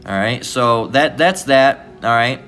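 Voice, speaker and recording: A man's voice: medium pitch, a little slow, fairly bright tone, soft background music. A man giving an informal, rambling scripture lesson, swearing freely and ending many lines with "all right?". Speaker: preacher.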